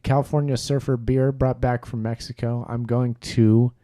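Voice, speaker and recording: Male co-host, agreeable and upbeat, mellow tone. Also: medium pitch, flat delivery, normal speed, no room sound, clean studio sound. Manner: upbeat, agreeable, reading out reviews. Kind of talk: casual podcast chat.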